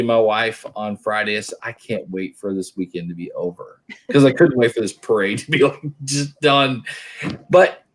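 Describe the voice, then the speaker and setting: A middle-aged man from Oklahoma telling stories in casual chat, rambling and restarting his sentences. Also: medium pitch. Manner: rambling storyteller, many restarts.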